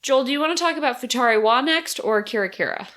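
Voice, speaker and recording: A woman hosting a podcast in relaxed chat, with a bright, sharp voice. She is playful and enthusiastic, and she teases her co-host. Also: high-pitched, fast.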